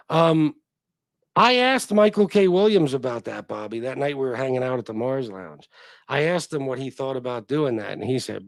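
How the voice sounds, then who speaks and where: A man's voice: mid-range voice, normal speed, gravelly, no room sound. A man hosting a casual livestream, reading comments and telling rambling, profane stories. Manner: profane, rambling, animated reactions. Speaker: livestream host.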